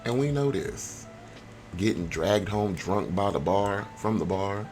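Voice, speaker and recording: A young man giving casual, slangy commentary on a life-sim game, animated and given to sudden high squeals. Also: measured pace, faint music behind. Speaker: gameplay vlogger.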